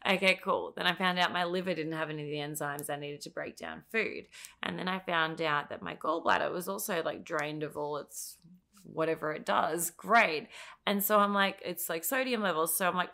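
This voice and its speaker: A woman telling her story as a podcast guest, animated and swearing freely as she acts out what others said. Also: fairly low pitch, normal speed, creaky.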